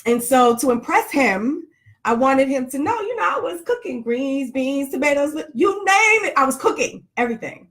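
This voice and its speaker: A woman's voice: high voice, big pitch swings, normal speed, fairly bright tone. A middle-aged woman vlogger chatting casually to live viewers, joking and greeting them by name.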